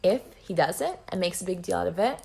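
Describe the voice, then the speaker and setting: A woman's voice: lowish voice, animated, fast talker, creaky, a little mellow. A woman giving blunt, profane relationship advice in a lecturing tone.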